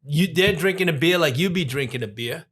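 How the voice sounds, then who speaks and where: A man, a police commissioner telling a story as a podcast guest, animated and full of restarts. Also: fairly high pitch, fairly quick, breathy edge. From Long Island, New York. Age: 60s. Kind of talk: storytelling in an interview.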